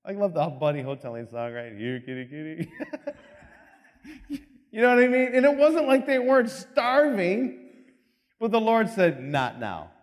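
A man preaching a sermon as pastor, telling stories with comic asides and quick laughs, in a reverberant church hall. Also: very high-pitched, sing-song.

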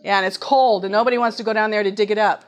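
A woman's voice: mid-range voice, fairly even intonation, rapid-fire. A middle-aged woman preaching a sermon in an earnest way, reading scripture aloud and asking her listeners questions.

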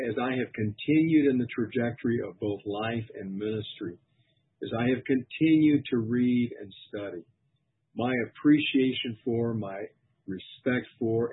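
A man's voice: mid-range voice, breathy edge. A middle-aged man, a pastor, giving an earnest, reflective personal testimony sermon. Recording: tinny phone-like sound.

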